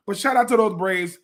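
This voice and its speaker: High-voiced emphatic man. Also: fairly bright tone. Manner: emphatic, repeats phrases for effect. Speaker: sports talk co-host. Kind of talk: casual sports radio chat.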